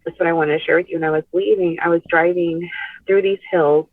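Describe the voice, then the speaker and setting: A woman recounts a painful personal memory in a soft, unhurried voice, full of small fillers and restarts. The sound is thin and phone-like, and it is dry with no room echo. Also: on the low side, fairly even intonation, breathy edge. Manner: soft-spoken, many "like" and "you know" fillers. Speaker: podcast guest. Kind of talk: emotional personal storytelling. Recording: tinny phone line.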